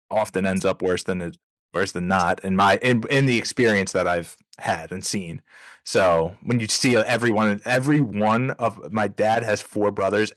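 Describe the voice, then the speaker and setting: A young man hosts a casual interview and chats in an easygoing way, with quick joking asides. His voice sits low for a man. It is recorded dry on a close mic. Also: no room sound. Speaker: podcast host.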